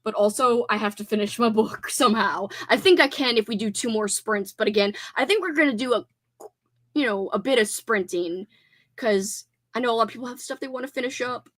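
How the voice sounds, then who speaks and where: A woman's voice: on the high side, brisk, a bit bright. A young woman hosting a livestream, chatting casually in a bubbly way and laughing easily. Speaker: livestream host. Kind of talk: casual chat.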